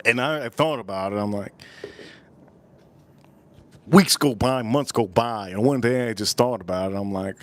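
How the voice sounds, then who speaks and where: A man hosting a casual whiskey tasting livestream, rambling and profane, repeating himself with loud bursts. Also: on the low side, moderate pace, long pauses. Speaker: whiskey reviewer and livestream host.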